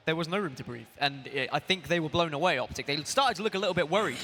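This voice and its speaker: A man's voice: fairly high pitch, animated, fast, sharp tone, big-room sound, a little hiss or hum. A man hosting an esports analysis desk, leading the talk and handing questions to the analysts. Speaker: esports show host.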